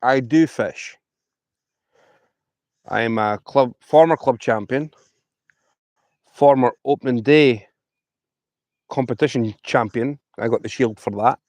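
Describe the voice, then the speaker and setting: A man's voice: medium pitch, slow, long pauses, darkish tone, dry recording. A man from Scotland chatting casually to live-stream viewers while fishing outdoors by the water, rambling and friendly. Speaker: fishing livestreamer.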